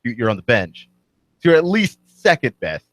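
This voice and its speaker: A man in his twenties co-hosting a radio show, chatting casually in an animated, rambling way. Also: medium pitch, moderate pace, no echo. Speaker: radio co-host. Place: radio studio.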